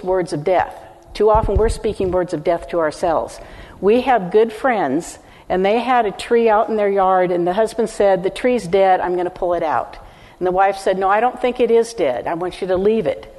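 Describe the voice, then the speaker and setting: This is a teaching sermon from an older woman who addresses the congregation head-on with earnest emphasis. Her voice is darkish and sits at a middle female pitch, echoing with the hall's long reverb.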